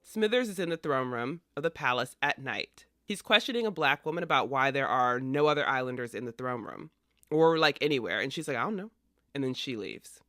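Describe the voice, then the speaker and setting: A man hosting a podcast, retelling a historical play in a chatty, animated way. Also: medium pitch, fairly quick, no echo, studio quality. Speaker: podcast host. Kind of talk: casual storytelling of history.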